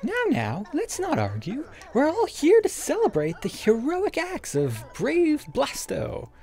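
A man doing a squeaky pompous knight. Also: wildly swooping pitch, a little slow, vocal fry, a little mellow, full character voice. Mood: placating.

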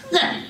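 A man performing a stand-up comedy set in a club, telling rambling self-deprecating stories. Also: high voice. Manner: rambling anecdotal delivery with self-deprecating asides. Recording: echoey club from far off with loud crowd. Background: audience laughter.

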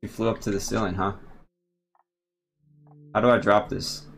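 A man's voice: fairly low pitch, little pitch movement, moderate pace, creaky. A man streaming a horror game live, commenting in a drawling way, laughing and swearing when startled. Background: loud game music.

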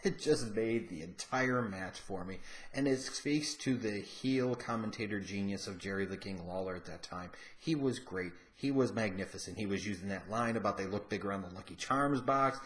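A man's voice: on the low side, normal speed. A man giving frank, casual commentary as a wrestling show reviewer, opinionated and cursing now and then.

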